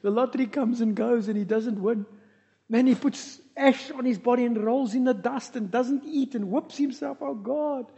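Man, pastor's sermon, high mellow voice, long hall reverb, dull lo-fi sound. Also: normal speed. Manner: lively storytelling with humorous asides.

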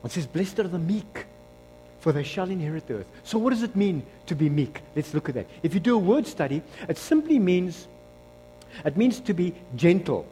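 Animated South African preacher man. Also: high voice, moderate pace, in a large hall, slight background noise. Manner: animated preaching, shifts between shouting and hushed asides. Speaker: pastor. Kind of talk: sermon.

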